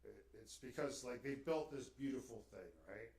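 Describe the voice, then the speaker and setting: A man rambles through a casual spiritual chat and keeps tagging his points with "right?". He sits away from the mic, and the room adds a noticeable echo. His pitch is middling. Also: normal speed, gravelly, darkish tone. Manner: rambling, tags lines with "right?". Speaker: guest. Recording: roomy, distant mic.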